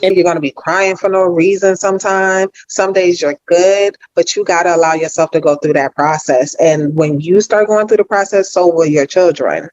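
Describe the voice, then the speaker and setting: A woman's voice: on the low side, steady tone, normal speed, few pauses, darkish tone, dull audio. A woman coach on a video call giving earnest, insistent advice and repeating her points. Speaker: growth mindset coach.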